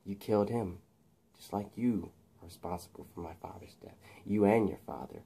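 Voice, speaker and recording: A man voicing a scheming, taunting young rich man, speaking low and hushed with quiet menace. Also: normal speed, vocal fry, slightly rough, heavily acted. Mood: menacing.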